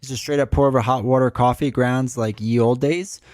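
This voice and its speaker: A man's voice: medium pitch, steady tone, a little fast, a little mellow, no room sound, soft background music. A man streaming live, chatting casually and answering his chat in a rambling way.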